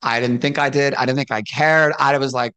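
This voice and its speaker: A very deep, fairly bright voice with fairly even intonation comes from a former pro wrestler speaking briskly as a guest. She chats casually, telling frank stories, laughing often and performing quoted lines.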